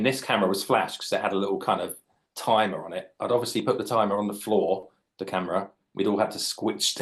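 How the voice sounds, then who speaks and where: A man, a children's author chatting and joking as he draws live for young readers. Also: fairly low pitch. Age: late 40s. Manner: chatty, jokey, explains while drawing. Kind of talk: live drawing demonstration for children.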